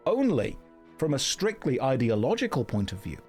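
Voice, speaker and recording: A man's voice: fairly high pitch, sing-song, moderate pace, darkish tone, faint music behind. A man streaming a game and commenting casually, with a dry, joking manner.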